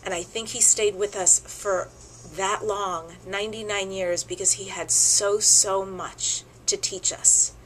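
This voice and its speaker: A middle-aged woman hosts her show and tells a heartfelt tribute story. Her delivery is expressive and emotional, at an ordinary pitch for a woman. A faint hiss of noise sits under the recording. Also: measured pace, low-quality recording. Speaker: host.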